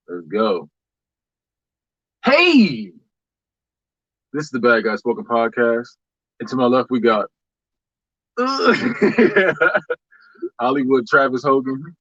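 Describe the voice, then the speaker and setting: A man's voice: medium pitch, lively intonation, slow pace, pauses often, a bit bright, dry recording, dull audio. A man hosting a casual podcast, loose and joking, laughing often. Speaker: podcast host.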